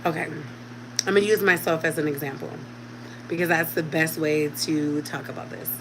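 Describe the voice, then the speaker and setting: A woman's voice: sits low, fairly even intonation, moderate pace, noisy background. A woman in her thirties, a mother talking casually at home to her channel's viewers, chatty and direct with them. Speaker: vlogger. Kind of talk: casual chat to camera.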